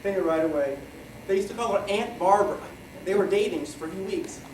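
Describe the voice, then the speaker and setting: A middle-aged man giving a rambling, joking wedding toast, halting often with fillers as he loses his thread. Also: high voice, a little hiss or hum. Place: wedding reception hall. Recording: echoey hall from far off, crowd chatter.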